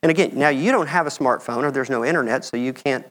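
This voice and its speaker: A man's voice: mid-range voice, fast talker, a bit bright. A middle-aged American man giving a conversational talk with slides in a lecture room, often checking in with "okay?". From United States. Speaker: medical mission speaker.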